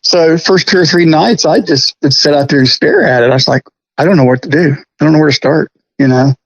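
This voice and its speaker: Casting: middle-aged man, folksy storyteller, slightly raised pitch, dull recording. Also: brisk. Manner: chatty, folksy, laughs often. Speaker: guest prop restorer. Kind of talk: casual storytelling interview.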